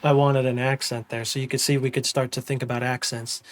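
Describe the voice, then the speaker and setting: A young man giving a casual music production tutorial, humming drum patterns out loud as he works. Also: medium pitch, brisk. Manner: relaxed, hums and sings drum parts aloud. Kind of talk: casual screen-recorded tutorial.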